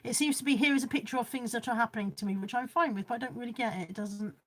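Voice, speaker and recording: A woman with a voice on the high side talks very fast while vlogging live from home. She reads out viewer comments in a rambling, chatty way and jokes about how little she knows about technology.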